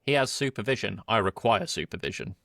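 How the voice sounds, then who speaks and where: A British man co-hosting a podcast, chatting in a laid-back way and trading quick one-liners with a chuckle. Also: on the low side, expressive, creaky, sharp tone, dry recording, studio quality. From Britain. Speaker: podcast co-host. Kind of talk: casual comedic chat.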